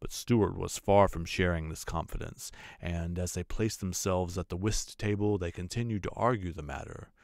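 A man narrating a classic novel as an audiobook, steady and measured. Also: low voice, creaky, no room sound, studio quality.

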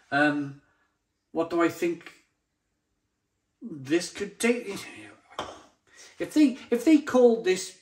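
A man reviewing a beer to camera in a blunt, exasperated way, often stumbling and repeating himself. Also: fairly high pitch. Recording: roomy echoey sound.

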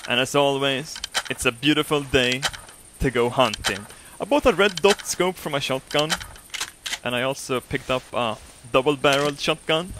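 A man's voice: mid-range voice, normal speed, noisy background. A man giving goofy, joking commentary while playing a hunting game, swearing and laughing often. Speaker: gameplay commentator. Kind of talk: casual let's-play commentary.

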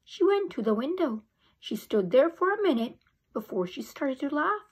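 A woman teacher reading a chapter book aloud to young students, expressive. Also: high-pitched, normal speed. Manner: expressive storytelling. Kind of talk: read-aloud for children.

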